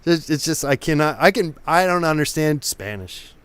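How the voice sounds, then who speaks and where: A man's voice: fairly high pitch, animated, moderate pace, fairly bright tone, clear, resonant tone, no echo. Rambling man host, a few drinks in. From Oakland, California. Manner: rambling, stumbling over words, restarts. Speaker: live-stream painting host. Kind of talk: casual live-stream chat.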